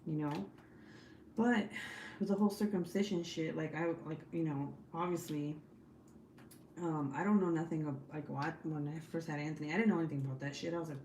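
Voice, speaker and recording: A woman's voice: low-pitched, fairly even intonation, fairly quick, dark tone. A young woman hosting a casual home livestream, chatting bluntly with viewers and swearing freely. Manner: blunt, profane and talkative. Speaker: livestream host. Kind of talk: casual chat with live viewers. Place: home, at night. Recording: echoey room with faint background noise.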